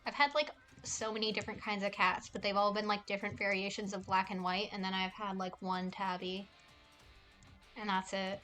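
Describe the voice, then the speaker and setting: A woman's voice: medium pitch, steady tone, normal speed, bright, forceful tone, faint music behind. A young woman streaming casually, rambling and cooing affectionately at cats in a game. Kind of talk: casual livestream chat.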